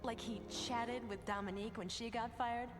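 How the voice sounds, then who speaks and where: A woman's voice: on the high side, steady tone, moderate pace, close to an everyday voice. An actress voicing a tough, wisecracking female diner owner in a video game, sassy and defiant. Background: game music.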